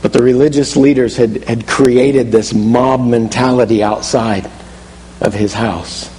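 A man's voice: mid-range voice, steady tone, measured pace, darkish tone, slight background noise. Preaching man in a reverberant hall. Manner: vivid second-person storytelling, frequent restarts. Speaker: pastor. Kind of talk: sermon.

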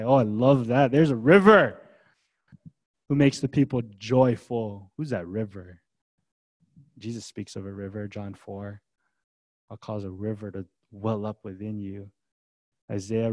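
A male pastor delivers a sermon in a mid-range voice. He drops to a hush for gentle passages, then builds to loud, emphatic declarations, and slips in casual, conversational asides. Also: mid-range voice.

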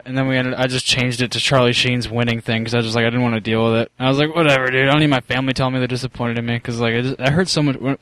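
A man's voice: mid-range voice, a bit bright, no room sound. A young man hosting a podcast, telling crude rambling stories in casual chat and slipping into silly voices. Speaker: podcast host.

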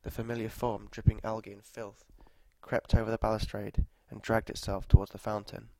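Male narrator, dark and mellow tone, flat and measured, for a scripted story read. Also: on the low side, creaky, no echo, poor audio.

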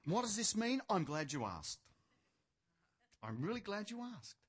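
Impassioned high-voiced male preacher. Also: sing-song, unhurried, slightly rough. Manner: impassioned, swinging from shouts to quiet sarcastic asides. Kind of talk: sermon. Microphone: clip-on or headset mic near the chin.

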